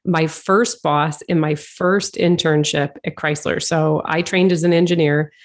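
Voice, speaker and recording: A woman's voice: low-pitched, steady tone, measured pace. A middle-aged woman from Detroit, a leadership consultant, giving good-humoured answers as a podcast guest and thinking aloud. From Detroit, Michigan. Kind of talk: casual interview answers.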